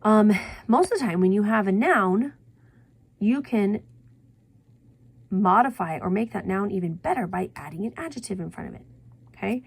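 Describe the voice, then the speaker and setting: A woman's voice: mid-range voice, expressive, normal speed, gravelly, long pauses, breathy edge. A woman teaching a writing class, chatty and self-correcting, sometimes dropping to a whisper for her examples.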